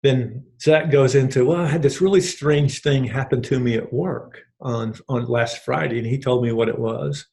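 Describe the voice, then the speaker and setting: In a creaky, darkish voice of medium pitch, a middle-aged man gives a testimonial as a participant in a program. He talks at normal speed with fairly even intonation and hardly any pauses, earnest and rambling, frequently restarting and acting out quotes from conversations.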